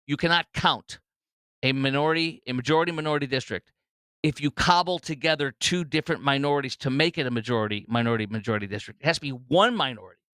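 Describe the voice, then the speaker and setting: A man's voice: mid-range voice, fast talker, fairly bright tone, smooth, dry recording. A man hosting a political talk show, rambling through commentary with many fillers and restarts.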